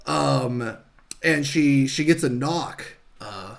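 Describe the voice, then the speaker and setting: A man's voice: medium pitch, takes it slowly, creaky. A man co-hosting a podcast, recapping a film in casual chat and acting out the characters' lines. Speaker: podcast co-host.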